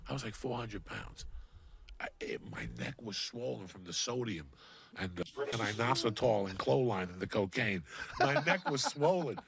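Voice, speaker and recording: A middle-aged man telling a profane, animated story as a guest comedian on a podcast. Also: on the low side, normal speed, gravelly.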